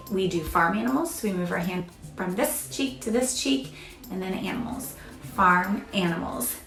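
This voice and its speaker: Female kids' teacher, very slow, roomy echo. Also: fairly low pitch, creaky, a bit bright. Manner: slow, deliberate, step-by-step instructing. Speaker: children's teacher. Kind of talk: teaching a sign-language Bible verse to kids. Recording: echoey room.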